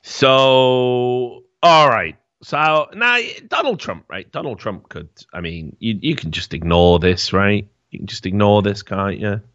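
A man's voice: lowish voice, animated, unhurried, a bit bright, dry recording, muffled recording. A man hosting a podcast in casual chat, sarcastic, swearing and laughing as he talks. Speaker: podcast host.

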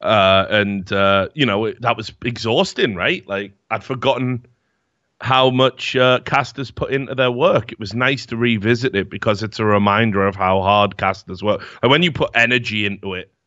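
A man's voice: on the low side, normal speed, sharp tone, no room sound. A young man telling rambling, profane stories in a casual chat as podcast host. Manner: rambling, profane storytelling with many fillers. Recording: dull, dry lo-fi mic.

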